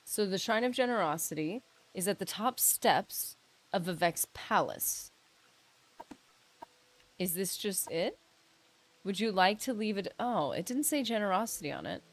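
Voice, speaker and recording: A woman's voice: medium pitch, animated, a little slow, pauses often. A woman streaming a role-playing game, reading quest text aloud and chatting playfully with her viewers. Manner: chatty, joking asides, playful mock-grandeur. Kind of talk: casual gameplay livestream chat, reading in-game text aloud. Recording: faint game music behind.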